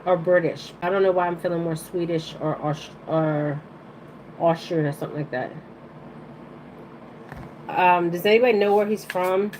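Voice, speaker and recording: A woman's voice: on the low side, moderate pace, long pauses, darkish tone, a little hiss or hum, poor audio. Rambling woman doing a card reading. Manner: rambling, checks in with frequent "okay?"; blunt, casual slang. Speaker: oracle card reader. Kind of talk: live-streamed card reading.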